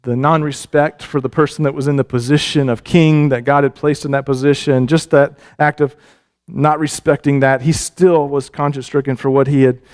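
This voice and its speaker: A male pastor giving a sermon, telling a scripture story with animated, repetitive phrasing and frequent restarts. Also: medium pitch, normal speed.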